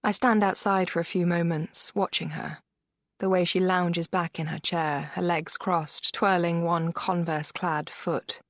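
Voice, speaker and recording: A woman reads a first-person thriller audiobook in a measured, steady way. Her voice sits fairly low. The recording is dry and close, with no room around it. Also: no room sound. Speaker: audiobook narrator. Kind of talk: scripted first-person narration.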